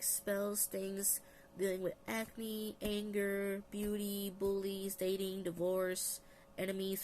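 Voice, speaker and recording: A woman's voice: mid-range voice, a little hiss or hum. A tired woman vlogger chatting casually about books, rambling with restarts and reading out long lists. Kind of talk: casual book review. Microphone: phone.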